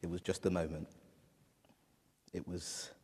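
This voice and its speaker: A man preaching a sermon, telling a personal story in a halting, emotional way, recorded in a church. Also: low voice, level tone, darkish tone, breathy edge, long reverb tail. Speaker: pastor.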